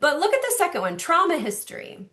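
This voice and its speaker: A woman giving a lunch-and-learn parenting talk, telling stories in an animated way and acting out little voices. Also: very high-pitched, fast talker. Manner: animated storytelling with acted-out voices. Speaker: parenting educator and speaker.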